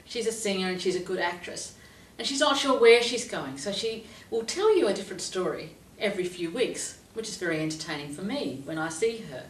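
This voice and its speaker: A woman working as a life coach, telling a story to camera in a lively, expressive way. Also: mid-range voice, brisk. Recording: roomy echo, voice from a distance.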